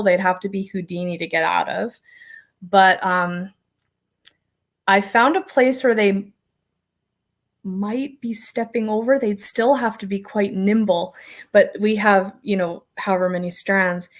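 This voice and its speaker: With a medium-pitched voice, a middle-aged American woman hosts a casual homestead livestream. She chats in a rambling way, reads viewer comments and laughs often.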